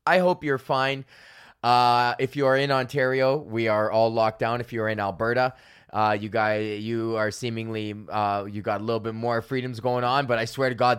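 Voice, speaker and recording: A man hosting his own podcast alone, ranting in a profane, excitable way, jumping between loud outbursts and low mutters. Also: normal speed, clean tone. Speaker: podcast host. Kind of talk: solo comedic rant.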